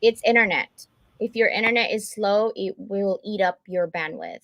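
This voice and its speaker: A woman's voice: mid-range voice, moderate pace, a bit bright, no echo. A woman co-author chatting on a group video call, tired and laughing easily.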